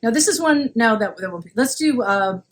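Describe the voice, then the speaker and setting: A woman's voice: fairly high pitch, expressive, fairly quick. A woman co-hosting a podcast, chatting casually and giving rambling clues with frequent giggles during a guessing game. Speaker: podcast co-host.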